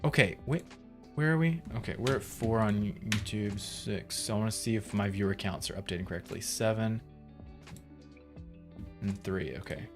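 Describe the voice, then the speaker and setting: A man's voice: fairly low pitch, fairly even intonation, normal speed. A man in his thirties chatting casually on a livestream, rambling, laughing often and reading chat aloud. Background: faint music.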